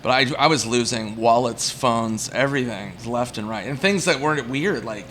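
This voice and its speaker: Male comedian, casual bar storytelling, rambling and self-mocking, mid pitch, faint background noise. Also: fairly bright tone. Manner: rambling, self-mocking anecdotes with quick acted-out quotes. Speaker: comedian guest.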